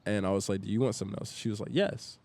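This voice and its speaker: Animated young man telling a story. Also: lowish voice, rapid-fire. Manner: animated, acts out the quoted lines in a rush. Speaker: podcast guest. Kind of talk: casual storytelling.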